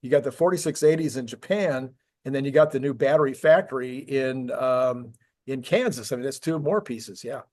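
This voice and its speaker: A man's voice: mid-range voice, normal speed, darkish tone. A man with an ordinary mid-range voice co-hosts a casual tech talk. He rambles with enthusiasm, restarting phrases and piling up questions as he goes. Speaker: podcast co-host.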